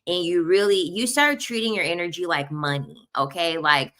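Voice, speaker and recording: A woman's voice: lowish voice, normal speed, a bit bright. A woman in her thirties giving blunt, emphatic opinions in a casual commentary, often repeating her points. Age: 30s. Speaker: online commentator.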